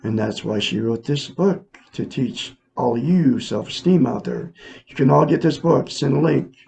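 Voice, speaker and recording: A man's voice: mid-range voice, moderate pace, vocal fry, a little mellow. A man hosting his own self-help video, talking earnestly and repetitively to his viewers. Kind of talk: casual monologue to camera.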